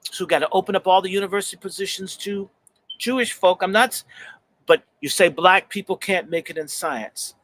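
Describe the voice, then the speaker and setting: A man's voice: sits high, fairly quick, fairly bright tone. A male host talking with heat and emphasis, repeating phrases for force, and reading passages aloud from a book.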